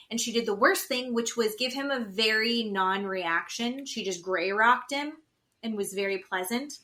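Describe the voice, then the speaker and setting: A woman's voice: on the high side, normal speed. A woman co-hosting a podcast, casually recapping a reality show and acting out what the cast said. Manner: animated retelling, acting out quotes. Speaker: podcast co-host.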